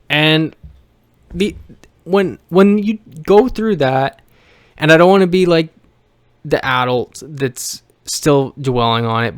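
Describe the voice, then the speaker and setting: Brief: male vlogger, raw profane rant, smooth clear voice, dry close sound. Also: mid-range voice, a bit bright, dry recording. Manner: blunt, heavily profane, emotional venting; rambling with frequent restarts. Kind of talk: personal rant to camera.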